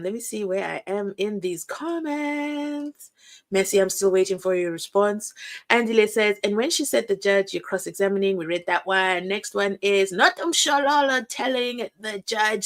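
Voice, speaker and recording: A young South African woman hosting a live stream. She chats and reads viewer comments in an animated way, acting out quotes and laughing often. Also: mid-range voice, moderate pace.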